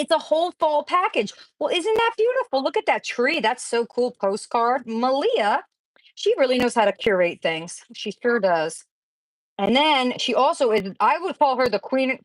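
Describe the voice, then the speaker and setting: A woman hosts a craft livestream, chatting casually with viewers and gushing in a rambling way over the crafts she opens. Her voice is medium in pitch, and the recording is rough but has no echo.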